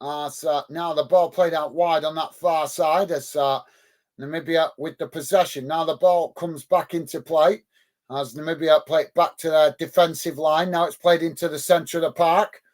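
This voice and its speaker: A man's voice: on the high side, fairly even intonation, normal speed. A man hosting a live football watch-along, calling the play and thanking chat viewers by name in an upbeat way, on a close mic. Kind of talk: live match commentary and chat reading. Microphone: close mic on a headset.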